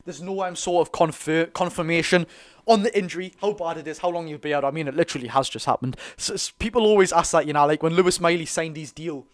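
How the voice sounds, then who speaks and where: Excitable Geordie man, higher voice. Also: fast. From North East England. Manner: chatty, excitable, keeps addressing the lads. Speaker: football fan streamer. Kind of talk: live football watch-along chat.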